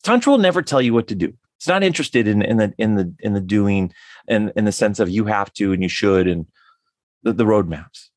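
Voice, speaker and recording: A man's voice: lowish voice, lively intonation, fairly quick, no echo. A man, a tantric counselor, talks enthusiastically as a podcast guest, often restarting his sentences. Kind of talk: podcast interview.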